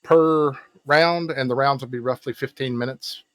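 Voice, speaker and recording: A man running a tabletop game as game master, explaining rules in a halting way full of fillers. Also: mid-range voice, fairly bright tone, no echo.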